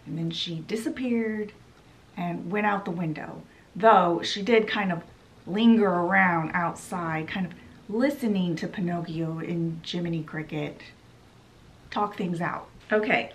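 A woman's voice: medium pitch, poor audio. A woman casually retelling a book in a chatty, loose way. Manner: chatty, loose with lots of "she's like". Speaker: book vlogger.

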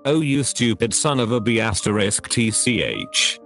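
A man's voice: lowish voice, very animated, normal speed, creaky, fairly bright tone, faint music behind, heavily acted. A text-to-speech male voice reading the lines of a desperate, loving father who talks in a folksy, drawling dialect. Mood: frantic. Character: desperate loving father, middle-aged man.

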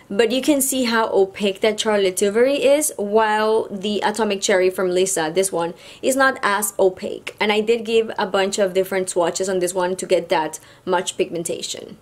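A woman's voice: medium pitch, moderate pace. A woman from Mexico with a Mexican Spanish accent, giving a chatty, gushing makeup review full of fillers. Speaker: beauty vlogger.

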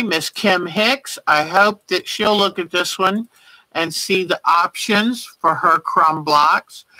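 A woman's voice: lowish voice, pushed and bright, dry recording, low-quality recording. A woman hosting a casual quilting livestream, chatty and gushing with praise as she shows viewers' work by name. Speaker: quilting show host. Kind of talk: casual livestream show-and-tell.

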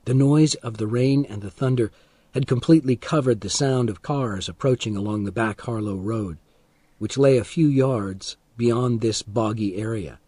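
A man narrating an audiobook of a graded reader in a slow, deliberate and expressive style. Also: mid-range voice.

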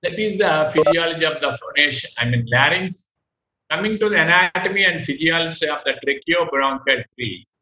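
A man's voice: a little high, lively intonation, brisk, pushed and bright, echoey room, poor audio. A man giving a recorded medical lecture, often repeating phrases and restarting his sentences.

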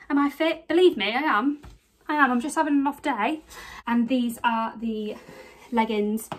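A young woman talks casually through a clothing haul, a little breathless. Her voice sits slightly high, and she chats in a giggly way full of fillers. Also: normal speed. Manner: chatty, giggly, lots of fillers. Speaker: vlogger. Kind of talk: casual try-on haul chat.

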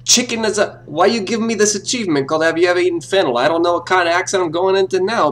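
A brash, wisecracking police detective, put on by a man hosting a game video mocks and needles his suspect. The voice sits a little high for a man and stays cocky and sarcastic throughout. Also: a bit bright. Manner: mocking, wisecracking interrogator. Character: brash tough-talking male police detective. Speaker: gameplay video host. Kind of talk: in-character game commentary.

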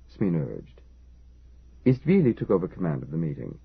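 Male audiobook narrator, husky, gravelly, phone-thin recording. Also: sits low, sing-song, moderate pace, phone-quality sound.

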